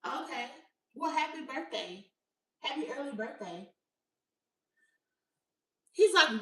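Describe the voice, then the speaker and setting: A woman's voice: sits high, animated, slow, long pauses, bright, forceful tone, echoey room, recorded from a distance. A woman in her thirties from Alabama with a Southern accent and a youthful-sounding voice, rambling through casual stories to her viewers. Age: 30s. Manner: chatty, rambling storytelling. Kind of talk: casual vlog chat.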